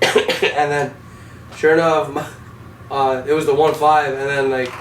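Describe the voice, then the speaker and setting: His voice sits on the high side with little pitch movement and a measured pace. He's a young Army vehicle driver, swearing heavily as he casually shares war stories, recorded in an echoey room through a distant mic with faint noise.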